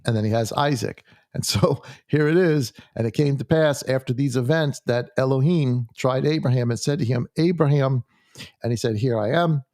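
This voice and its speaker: A man leading a conversational Bible study in a church, halting and full of restarts as he reads scripture aloud. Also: mid-range voice, a little mellow, no room sound, studio quality. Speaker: Bible teacher.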